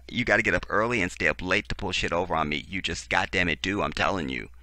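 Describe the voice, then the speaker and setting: Reading text aloud and erupting into profane, sarcastic reactions, a man drives a heated political commentary video. His voice is low-pitched, fast, bright and forceful. The studio-quality recording has no room sound.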